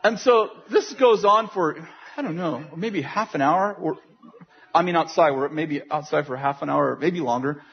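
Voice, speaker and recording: A man with a high voice tells a story from the pulpit, animated and quick to laugh. He acts out what the people in the story said. The recording sounds dull and lo-fi, with faint noise underneath. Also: vocal fry. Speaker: preacher. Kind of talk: sermon storytelling.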